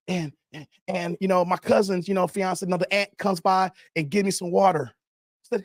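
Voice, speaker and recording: A man from Chicago hosting a casual livestream, telling a story with animated acted-out voices and talking straight to his viewers. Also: high-pitched, a little fast, no echo, clean studio sound. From Chicago, USA. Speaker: livestream host.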